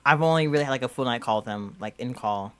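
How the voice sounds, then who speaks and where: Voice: medium pitch, fast, smooth. A young adult podcast co-host telling a story in casual chat, rambling and full of "like" and restarts. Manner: rambling, heavy use of "like" and restarts.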